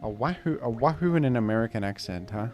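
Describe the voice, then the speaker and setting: A man's voice: mid-range voice, animated, fast, a little mellow, highs cut off, faint music behind. A young man streaming a game, reading chat with dry, joking banter. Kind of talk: casual gameplay commentary.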